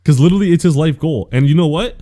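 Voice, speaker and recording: Mellow-voiced man rambling through a recap. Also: a little high, quick pace. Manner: rambling, animated retelling with laughs and slangy asides. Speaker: podcast co-host. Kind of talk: casual anime recap chat.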